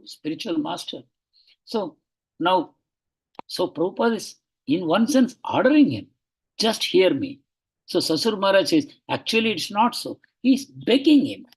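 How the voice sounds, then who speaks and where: A man's voice: high voice, husky, rough recording. A man giving a devotional class, reading aloud from a biography and commenting on it in an earnest, explaining way, with frequent hesitations and bursts of urgency.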